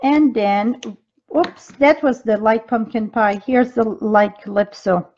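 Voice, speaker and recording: A woman with a high voice takes her time as she hosts a live-streamed craft demo. She talks straight to her viewers, explaining each step with loose grammar and plenty of ums. The audio is dull and lo-fi, like a phone stream. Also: takes it slowly, a little mellow. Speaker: craft demonstrator and team leader. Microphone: device mic from a live video stream.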